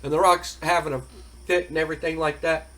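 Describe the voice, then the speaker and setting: Guy casually narrating a game, rambly storyteller, kinda high voice. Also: level tone, brisk, a bit bright. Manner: rambling, colloquial storytelling with fillers. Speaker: game host.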